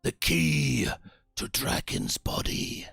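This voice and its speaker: A man voicing a menacing male warlord who commands witches and soldiers, speaking slowly in cold half-whispers. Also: mid-range voice, wildly swooping pitch, vocal fry, fairly bright tone, husky, no echo, studio quality, soft background music, voice pushed up, heavily acted.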